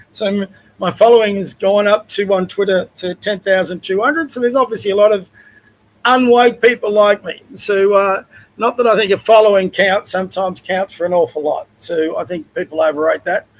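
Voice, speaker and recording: Older aussie bloke ranting on his livestream, higher voice, blunt and chatty. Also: steady tone, normal speed, low-quality recording. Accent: Australian. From Australia. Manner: blunt, conversational, opinionated. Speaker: livestream host. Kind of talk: opinion rant livestream.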